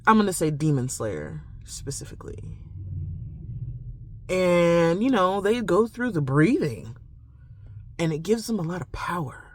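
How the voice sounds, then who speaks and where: A woman's voice: on the low side, very animated, unhurried, long pauses, slight background noise. A woman vlogging a rambling, reflective monologue, full of "like" and "you know". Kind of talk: confessional casual monologue to camera.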